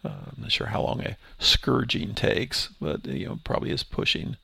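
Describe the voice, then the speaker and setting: A man's voice: moderate pace, bright, forceful tone, no echo, studio quality. A man teaching through a Bible passage verse by verse, explaining in a conversational way with restarts. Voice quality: gravelly, husky voice.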